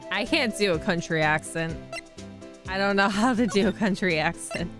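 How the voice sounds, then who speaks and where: A woman's voice: mid-range voice, moderate pace, music in the background. A woman streamer chatting casually while playing a game, reading text aloud and laughing at her own attempts. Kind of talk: casual game playthrough commentary.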